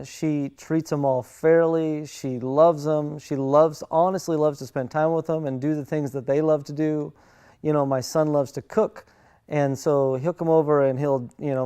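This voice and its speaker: Middle-aged guy telling family stories, smooth voice, lots of uhs and restarts. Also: medium pitch. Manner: halting, many fillers and restarts, soft-spoken. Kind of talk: casual personal storytelling.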